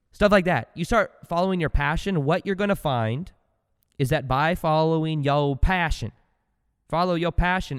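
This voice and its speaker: A man hosts a spiritual self-help podcast in a loose, animated motivational style, dropping into low asides and then jumping to loud bursts. His voice sounds smooth and resonant at a middle pitch. A long reverb trails after his words. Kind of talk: casual motivational talk.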